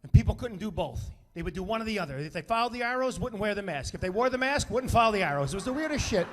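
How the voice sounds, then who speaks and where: A man doing a brash, profane stand-up comedy set, telling stories and acting out quotes with loud punchlines. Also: sits high, lively intonation, quick pace. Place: comedy stage with a live audience.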